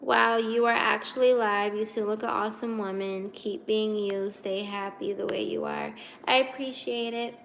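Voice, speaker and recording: A woman's voice: medium pitch, fairly even intonation, moderate pace, vocal fry, hardly any pauses, a bit bright, slight background noise. A young woman from Virginia hosting a casual livestream, chatty and giggly as she reads out and answers comments. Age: 20s. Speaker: livestream host reading chat.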